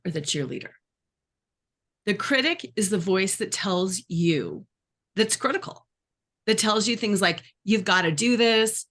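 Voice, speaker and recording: Animated woman coaching a workshop. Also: mid-range voice. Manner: animated, acts out inner voices. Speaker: life coach. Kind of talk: workshop teaching.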